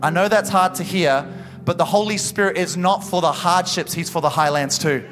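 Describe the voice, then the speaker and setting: A young man preaching a passionate sermon at a church service, building to loud exhortation. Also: high voice, normal speed, music in the background, a crowd in the background. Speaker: pastor.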